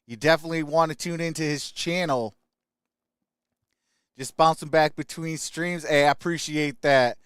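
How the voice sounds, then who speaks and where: A man's voice: fairly high pitch, fairly even intonation, moderate pace, clean tone, no room sound, studio quality. Upbeat man hosting a live stream. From Michigan. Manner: greets chat viewers by name, upbeat shout-outs. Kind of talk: casual live stream chat.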